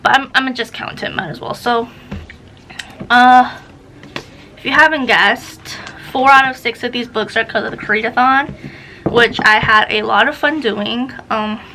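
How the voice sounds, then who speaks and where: A woman's voice: a little high, normal speed, bright, forceful tone, a little hiss or hum, rough recording. A young woman chatting casually as a book vlogger, rambling and sidetracked while she films herself on camera. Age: young adult. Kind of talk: casual vlog chat. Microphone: camera facing her, self-filmed.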